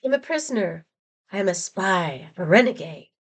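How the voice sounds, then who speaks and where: A woman's voice: mid-range voice, big pitch swings, normal speed. A woman reading aloud the part of a dazed, pleading female prisoner who is a spy, in an earnest storybook voice.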